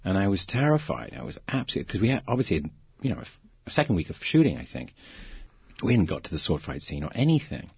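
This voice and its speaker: A deep-voiced man tells stories in an interview, animated and quick to laugh. His voice is low and husky. The recording is dry and a little dull. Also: no room sound. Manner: animated anecdotes, acting out quoted voices, frequent laughs. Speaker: interview guest, actor. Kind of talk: storytelling in a conversational interview.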